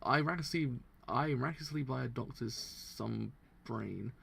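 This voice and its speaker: A man reading a manga aloud for a live reaction, often tripping over words and restarting, excitable and quick to laugh. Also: mid-range voice, vocal fry, slightly rough.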